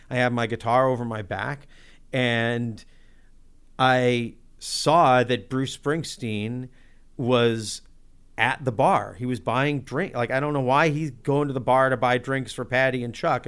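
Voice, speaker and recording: A man casually telling a personal story about being a musician, in an excitable, self-deprecating way with lots of "like". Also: medium pitch, a little slow, smooth.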